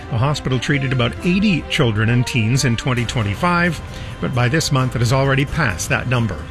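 Male newsreader over music. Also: medium pitch. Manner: measured, newsreading delivery. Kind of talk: scripted news bulletin.

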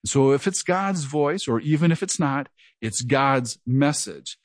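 A man's voice: mid-range voice, animated, a little slow, no room sound. A middle-aged man preaching an earnest verse-by-verse Bible teaching, with a slight stutter. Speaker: pastor. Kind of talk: sermon.

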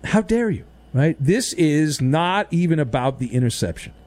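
A man's voice: fairly high pitch, normal speed. A man hosting a sports talk radio show, riffing sarcastically and mockingly in a studio monologue. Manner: sarcastic, mocking, animated riffs.

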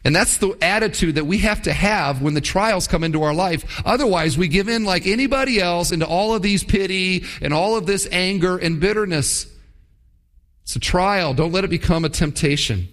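A man's voice: high-pitched, animated, brisk, fairly bright tone. Conversational male pastor preaching. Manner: conversational preaching with rhetorical questions, rising emphasis. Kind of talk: sermon. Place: church service.

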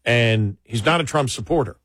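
Man in dry studio talk, animated storyteller. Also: medium pitch, dry recording. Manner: animated storytelling, quick asides, frequent restarts. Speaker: talk radio co-host. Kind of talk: casual political talk.

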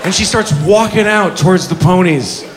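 A man doing stand-up comedy, telling a story animatedly, often shouting and swearing. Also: high voice, moderate pace, in a large hall. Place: comedy venue, indoors. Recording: live club with loud crowd and noise.

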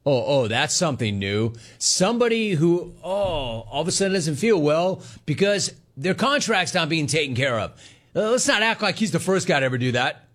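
A man's voice: fairly high pitch, big pitch swings, normal speed, a bit bright. A man hosting a sports talk show, reacting to callers and news in a sarcastic, mocking way and laughing often.

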